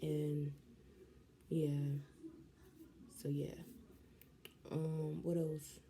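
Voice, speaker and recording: A young woman, telling a story in a casual vlog, animated and slangy. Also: low-pitched, extremely slow, a little hiss or hum. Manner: animated, slangy, jumps into quoted voices. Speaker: vlogger.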